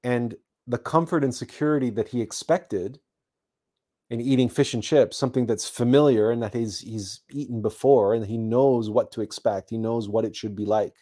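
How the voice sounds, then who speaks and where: Casting note: man, Canadian-born host, reflective storytelling, halting delivery full of restarts and fillers. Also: medium pitch, mellow. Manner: halting, repeats words, many fillers.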